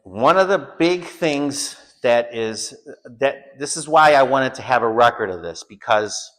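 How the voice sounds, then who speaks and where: An American man at a medium pitch, teaching an informal lesson. He tells a personal story with lots of energy, repeats himself, restarts and jumps up loudly when he acts out the people in it. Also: a little slow. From United States. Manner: animated storyteller, acts out shouted quotes. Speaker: home school teacher.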